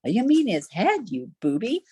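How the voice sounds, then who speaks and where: A woman's voice: medium pitch, very animated, a little slow, mellow, husky. A woman doing a scolding army officer. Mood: astonished.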